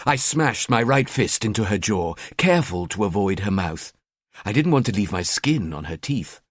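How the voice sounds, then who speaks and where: A man narrating a crime thriller audiobook in the first person, with a cold, measured delivery. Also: on the low side, very animated, no echo, clean studio sound.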